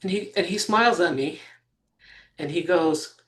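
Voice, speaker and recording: This interview guest is a man in his sixties whose voice sits high. He tells a story from his own life in a halting manner, with filler words and quiet laughter breaking up his phrases.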